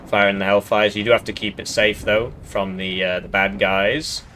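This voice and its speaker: A man's voice: fairly low pitch, fairly even intonation, moderate pace, bright, forceful tone, a little hiss or hum. A man casually commenting on a strategy game match, thinking aloud and drifting into side tangents.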